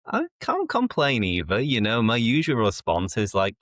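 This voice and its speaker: A British man hosting a casual chat, playful and animated, acting out everyday greetings. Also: normal speed, no echo, clean studio sound. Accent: British English. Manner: lively, playful, acts out greetings in high voices. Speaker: host.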